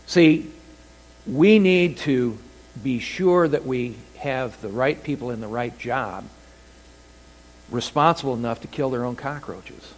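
A man preaching a sermon as pastor, telling stories with animated delivery and acting out quoted voices. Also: mid-range voice, takes it slowly, long pauses. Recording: long hall reverb.

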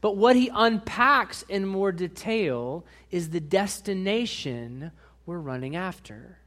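A man with a notably high voice preaches a sermon as the pastor. He swings between hushed confessional asides and loud, slowed-down emphasis. He often turns to the congregation with direct questions. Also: expressive.

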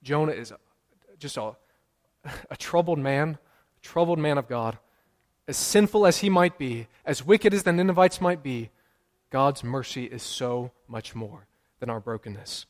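A man's voice: medium pitch, a little slow. A man preaching a sermon as pastor, emphatic and repeating his key lines for weight. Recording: long hall reverb.

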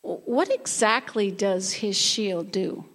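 A woman pastor preaching a sermon in a church, reading scripture aloud and building to forceful declarations. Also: medium pitch, slow. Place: church sanctuary.

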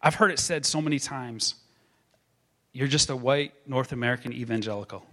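A man preaching a sermon as a pastor, building to emphatic proclaiming and then dropping to a hushed tone. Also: medium pitch, normal speed.

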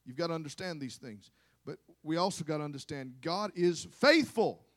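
A man preaching a sermon to a congregation, moving from quiet asides to impassioned shouting and calling on the listeners to respond. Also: fairly high pitch, lively intonation, moderate pace.

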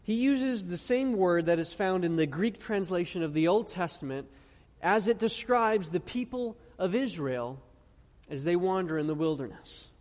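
Expressive and a little mellow, a high-pitched male pastor preaches earnestly, questioning his audience rhetorically. He lingers on each scripture phrase for emphasis, his words carried by the long reverb of a large church hall.

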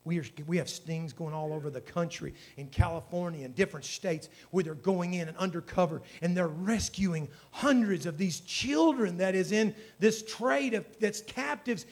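High-voiced pastor preaching. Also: male voice, moderate pace, hardly any pauses. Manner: folksy storytelling, rising to fervent preaching. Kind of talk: sermon.

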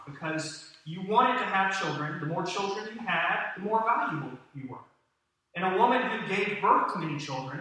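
A pastor with a high, pushed and bright voice preaches a sermon to his church congregation, speaking conversationally and putting questions to his listeners. It's recorded from a distance in an echoey hall.

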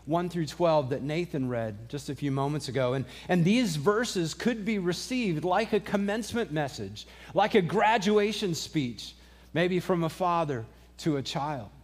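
A middle-aged pastor giving a sermon in a loose, conversational way, with frequent restarts and dry asides. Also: male voice, fairly high pitch, expressive, measured pace.

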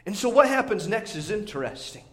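Male preacher, very high-pitched, emphatic sermon delivery with frequent repeats. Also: very animated, fairly quick. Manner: repeats words, emphatic, acts out crowd voices.

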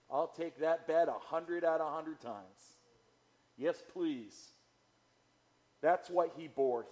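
A man preaching a sermon, slow and emphatic, repeating key phrases for weight. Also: a little high, a little mellow. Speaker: pastor.

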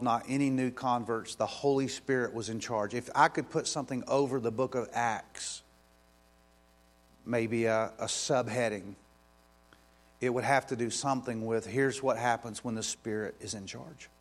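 A male pastor preaching a sermon, impassioned, rising to emphatic questions and dropping soft when he prays aloud. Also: medium pitch, fairly even intonation, a little slow.

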